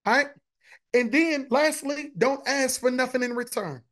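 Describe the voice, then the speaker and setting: A man's voice: very high-pitched, unhurried, fairly bright tone. A man, a pastor preaching a conversational sermon, repeating phrases and talking to his congregation directly.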